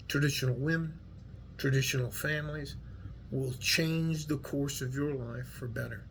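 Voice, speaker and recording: A man's voice: medium pitch, vocal fry, slight background noise. A middle-aged man with a West Texas accent, talking to his viewers in a rambling, earnest, folksy way with salty language. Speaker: vlogger. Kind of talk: casual heartfelt monologue to viewers.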